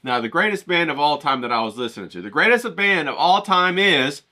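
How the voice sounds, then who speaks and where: A man's voice: fairly high pitch, expressive, fairly quick, sharp tone. A man vlogging to camera, joking and rambling, talking straight to his viewers and swearing freely. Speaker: painter and vlogger. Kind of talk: casual talk to camera.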